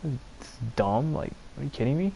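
With a creaky, mellow medium-pitched voice and lively intonation at a moderate pace, a young adult streamer from Pennsylvania narrates his gameplay casually and profanely, often exasperated and meandering; a slight hiss or hum is audible.

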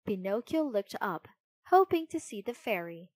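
A woman narrating a children's storybook in an expressive, unhurried way. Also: medium pitch, no room sound.

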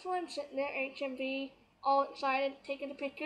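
A woman's voice: high-pitched, flat delivery, brisk, poor audio. A young woman from Canada chatting animatedly through a personal story, full of fillers. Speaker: vlogger.

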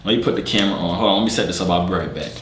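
A man's voice: sits low, rapid-fire, a bit bright, a little hiss or hum. A young man hosting a casual video, talking to his viewers in a slangy, laid-back way. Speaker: video host. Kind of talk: casual vlog talk to viewers. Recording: echoey room sound.

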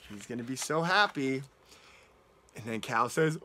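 A man's voice: a little high, expressive, a little fast, bright, forceful tone. A man reading picture books to children at storytime, playful and joking. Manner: playful, goofy, jokes to kids.

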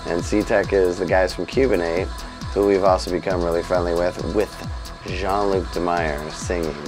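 Profane storytelling man, low voice. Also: moderate pace, music in the background, poor audio. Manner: animated, profane anecdotes. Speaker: musician interviewee. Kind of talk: storytelling interview.

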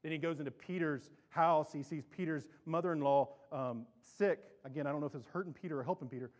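A man preaching a sermon in a church, animated, often repeating and restarting his words. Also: fast talker. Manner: animated, climbs in pitch and volume for emphasis. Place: church sanctuary.

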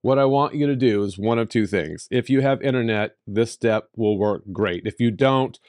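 A man hosting a software tutorial, talking emphatically and playfully, with sudden jumps in pitch for emphasis. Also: normal speed, no echo, studio quality. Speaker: tutorial host. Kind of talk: screen-recorded software tutorial.

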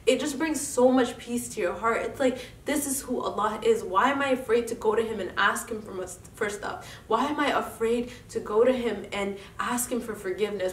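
A woman's voice: fairly high pitch, normal speed, hardly any pauses. A young woman with a congested nose, giving an earnest, encouraging faith talk straight to her viewers. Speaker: vlogger host. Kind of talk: casual motivational faith talk. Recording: echoey room, mic at a distance.

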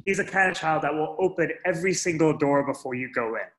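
Man, storyteller, earnest and direct with his listeners; slightly high voice, roomy echo. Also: quick pace, a bit bright. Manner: earnest, strings sentences with "and so", addresses the audience as folks. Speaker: speaker sharing a story. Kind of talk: first-person storytelling talk. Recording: echoey room.

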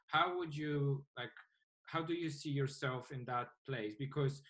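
A man hosting a panel conversation, speaking hesitantly with many pauses and restarts. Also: medium pitch, a bit bright. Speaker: host. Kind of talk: moderating a panel.

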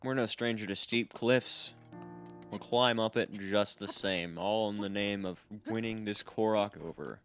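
A man's voice: lowish voice, measured pace, a bit bright. A man hosting a video game let's play, rambling casually and joking at his own expense while talking to his viewers. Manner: rambling, self-deprecating, talks to viewers. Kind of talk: casual gameplay commentary. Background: game music.

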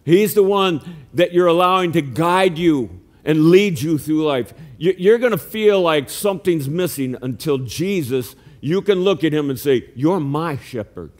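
A man pastor preaching a sermon in a church, earnest and animated, sometimes acting out calls to his flock. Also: a little high, a little slow. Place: church sanctuary.

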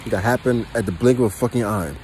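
A man's voice: lowish voice, fast talker, background noise. A man ranting as a vlogger, swearing constantly, repeating himself and laughing between lines. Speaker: astrology and crypto vlogger. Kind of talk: excited profane rant.

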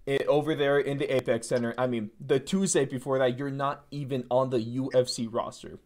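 A man hosting a casual interview, asking questions in a halting way with many restarts. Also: medium pitch, fairly even intonation, darkish tone. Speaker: interviewer, host.

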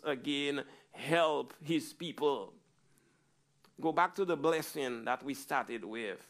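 Guy preaching a sermon, medium voice, gets quiet then real loud and high. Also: slow pace. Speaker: pastor.

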